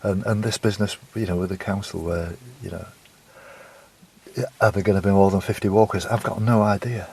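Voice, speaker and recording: A man's voice: fairly low pitch, fairly even intonation, a little fast, gravelly, darkish tone, slight background noise. A man vlogging a walk and chatting casually, repeating words and restarting his sentences as he goes. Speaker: walking vlogger. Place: outdoors on a walk.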